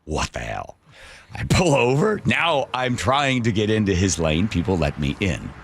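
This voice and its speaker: A man's voice: on the low side, expressive, normal speed, a little hiss or hum. A middle-aged man, a radio host, telling a story with vivid drama.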